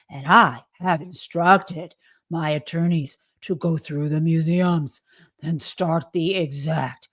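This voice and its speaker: A woman putting on a mocking, slow and pompous voice of a dim man reading out a post. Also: low voice, breathy edge, no room sound, studio quality, exaggerated voice.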